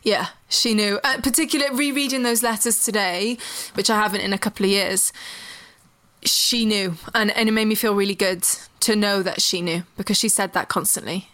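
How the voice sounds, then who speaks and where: A woman's voice: medium pitch, fairly even intonation, fairly quick, a bit bright, no room sound. A woman, a writer, telling personal stories frankly and vividly as a podcast guest. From Britain. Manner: frank, earthy, vivid storyteller. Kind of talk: candid personal storytelling.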